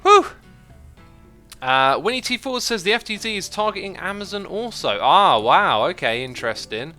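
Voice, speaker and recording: A man's voice: high-pitched, big pitch swings, brisk, pushed and bright, faint music behind. A man casually chatting with viewers on a livestream as he plays, reading chat messages aloud and thinking aloud with frequent fillers and restarts.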